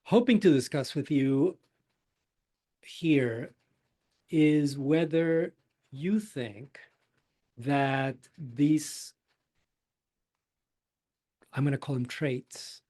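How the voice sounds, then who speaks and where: A man co-hosting a podcast who talks casually and asks thoughtful, measured questions. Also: a little high, mellow. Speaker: podcast co-host. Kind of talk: casual conversation.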